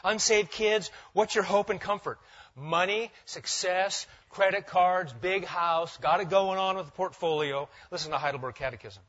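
A male pastor preaching a sermon emphatically, repeating key phrases and dropping to quiet intensity for weight. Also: sits high, normal speed, highs cut off.

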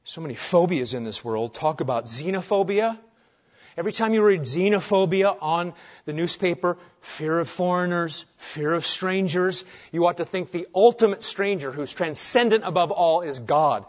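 A man preaching with a high-pitched voice, jumping from loud emphatic lines to near-whispered asides. He keeps asking the congregation rhetorical questions. The recording sounds dull and lo-fi. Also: normal speed. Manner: dramatic, swings between loud emphasis and hushed asides. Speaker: pastor. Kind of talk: sermon.

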